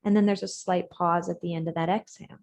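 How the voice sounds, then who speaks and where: A woman teaching an online yoga class, giving gentle, measured breathing cues whose words trail off softly, over a video call. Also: lowish voice, fairly even intonation. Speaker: yoga instructor. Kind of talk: guided breathing and yoga instruction.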